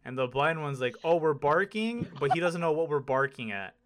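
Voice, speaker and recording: Bright-voiced hyped podcast host man. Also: medium pitch, fairly quick. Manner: hyped, jokey, chatty. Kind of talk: casual podcast chat.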